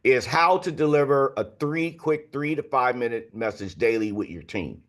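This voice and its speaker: A man's voice: medium pitch, expressive, moderate pace, a bit bright. A man in his sixties, a guest author on a podcast, telling candid anecdotes in a loose, filler-heavy conversational way. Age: 60s. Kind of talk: podcast interview storytelling.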